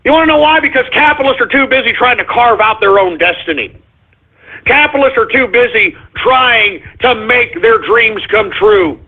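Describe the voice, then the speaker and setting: A man's voice: very high-pitched, expressive, normal speed. A man hosting a call-in radio show, ranting and swearing in an exasperated tone. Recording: tinny phone-like line.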